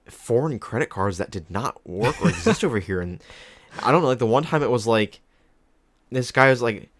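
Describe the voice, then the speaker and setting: A man's voice: medium pitch, expressive, moderate pace, fairly bright tone, no echo. A young man co-hosting a casual podcast chat, rambling through stories, swearing freely and acting out the people he quotes. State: ice in mouth. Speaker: podcast co-host.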